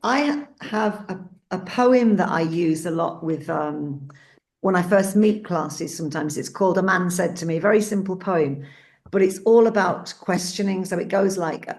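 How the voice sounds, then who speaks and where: A woman drama teacher speaking on a video call in a fairly low voice. She talks loosely and drifts off mid-sentence before picking up the thread again. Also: moderate pace, a little mellow. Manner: loose and digressive, trailing off mid-thought. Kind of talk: casual group discussion.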